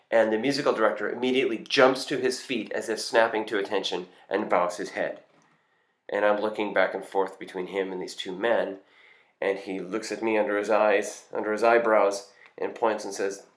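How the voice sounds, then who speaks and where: Male storyteller, lowish voice, easy conversational delivery, roomy echoey recording. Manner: relaxed, conversational, with small hesitations. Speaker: singer and actor telling an anecdote. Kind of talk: casual first-person storytelling. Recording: roomy echo.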